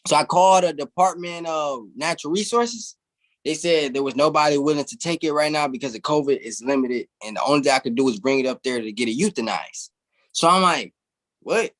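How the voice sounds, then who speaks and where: A man's voice: fairly high pitch, brisk, fairly bright tone. A young man, a guest in an interview, telling a long story casually and animatedly, swearing freely and laughing as he goes.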